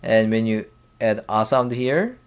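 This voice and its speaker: A man with a Korean accent teaching a language lesson in a slow, halting way, pausing often and drilling syllables aloud. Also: lowish voice, smooth. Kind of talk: casual whiteboard lesson.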